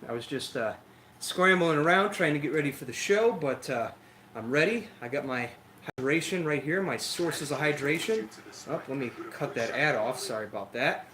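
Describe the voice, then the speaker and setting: A young man hosting a casual lawn care livestream, chatty and energetic, a little out of breath, talking into a phone. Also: mid-range voice, moderate pace, slight background noise, rough recording. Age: young adult. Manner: chatty, energetic, filler-heavy. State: slightly out of breath. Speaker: lawn care show host. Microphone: phone camera.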